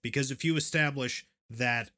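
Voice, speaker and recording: A man's voice: mid-range voice, moderate pace, bright, forceful tone. A man co-hosting a podcast, earnestly explaining history in long, flowing runs. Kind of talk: explanatory conversation.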